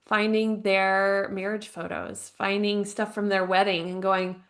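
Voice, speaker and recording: A woman in her thirties speaks as a podcast interview guest, with a mid-range voice. She tells her story earnestly and reflectively. Her talk is loose and conversational, full of "like" and soft laughs. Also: medium pitch, steady tone, unhurried, gravelly, hardly any pauses. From United States. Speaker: podcast guest, grief counselor and author. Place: home, living abroad.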